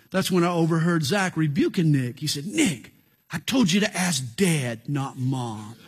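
A middle-aged male pastor delivers an earnest radio sermon. His voice sits high and sounds husky, and it swings widely in pitch and loudness.

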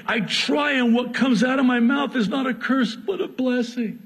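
A man voicing a greedy hired prophet who stammers in confusion, with a husky voice. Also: very high voice, normal speed, a bit bright, voice pushed up, heavily acted. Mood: flustered. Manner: flustered, stammering. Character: greedy hired male prophet, flustered and casual. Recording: long hall reverb.

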